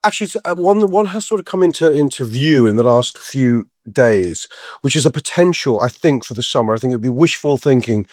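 A man with a cold hosts a casual football chat, joking at his own expense and wandering off track. His voice sits at a middling pitch. It is recorded close and dry, with no room sound. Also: animated, brisk, darkish tone, no room sound. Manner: jokey, self-deprecating, rambling. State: sick with a cold. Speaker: podcast host.

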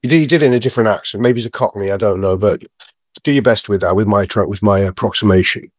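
A man's voice: fairly low pitch, fast, no echo, studio quality. A man hosting a casual football chat, joking and rambling while he has a cold. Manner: jokey, self-deprecating, rambling. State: sick with a cold. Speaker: podcast host.

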